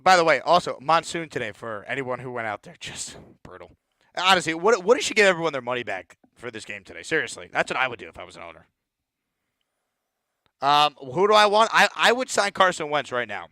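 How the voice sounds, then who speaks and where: A man's voice: on the high side, sing-song, a little fast, sharp tone, no room sound, studio quality. A man hosting a postgame call-in sports show, ranting bluntly and repeating words when he gets heated. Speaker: sports talk show host.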